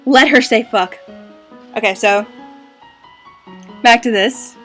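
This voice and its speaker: Relaxed let's-play host, woman, fairly high voice, chatty and sweary; faint game music under. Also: takes it slowly, pauses often. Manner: chatty, loose, swears casually. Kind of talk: casual game commentary.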